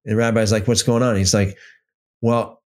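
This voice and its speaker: Hosting a casual teaching livestream, a man with a lowish voice speaks at normal speed in a flat delivery. His story wanders with many restarts before he turns to reading and responding to chat comments.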